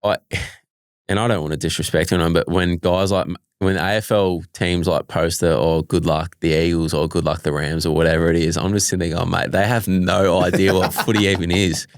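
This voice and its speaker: A man's voice: sits low, brisk, no room sound, clean studio sound. A young Australian man, a professional punter, telling stories in an easygoing way as an interview guest. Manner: relaxed storytelling, easygoing. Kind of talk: casual interview chat.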